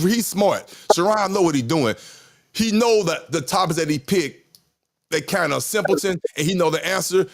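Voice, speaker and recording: A man, talking candidly in casual chat, rambling, repeating himself and swearing. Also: on the high side. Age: 50s. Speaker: podcast host.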